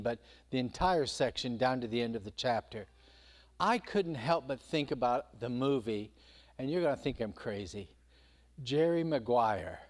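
A man preaching a sermon, telling a story with energy and acting out the quotes. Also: mid-range voice. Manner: animated storytelling, acts out quotes.

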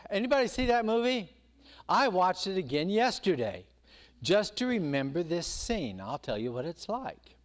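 A male preacher delivers his sermon as an animated story. His voice sits high and leaps up and down, and he throws himself into the quoted lines. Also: moderate pace.

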